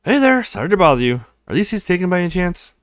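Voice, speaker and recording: A relaxed, sociable young law student from a visual novel who makes small talk easily, voiced by a man. His voice moves up and down widely and is recorded dry and close. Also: sits high, quick pace, dry recording, voice pushed up. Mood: friendly. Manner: friendly and chatty.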